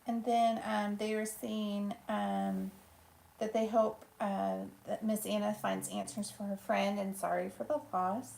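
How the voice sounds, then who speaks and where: A woman co-hosting a live stream, reading viewer comments aloud in a soft-spoken, casual way. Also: mid-range voice, little pitch movement, unhurried, creaky. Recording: echoey room.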